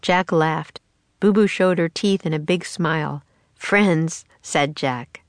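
A woman narrating a children's storybook aloud in a steady, expressive way. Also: low voice, unhurried, no room sound.

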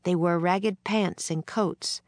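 A woman narrating a children's storybook aloud in a gentle read-aloud manner. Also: on the low side, steady tone, slow pace, no echo. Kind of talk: storybook reading.

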